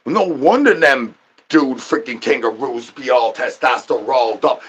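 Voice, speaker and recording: A man's voice: mid-range voice, unhurried, fairly bright tone, breathy edge, lo-fi sound. A man hosting a livestream, rambling to his chat in absurd slangy patter full of repeated catchphrases. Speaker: livestream host.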